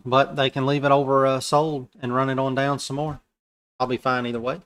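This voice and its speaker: A man talking through his futures trades live as they happen. His speech is loose and colloquial, full of slang, and he thinks aloud in a relaxed, conversational way at an ordinary pitch. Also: normal speed. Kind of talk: live trading commentary.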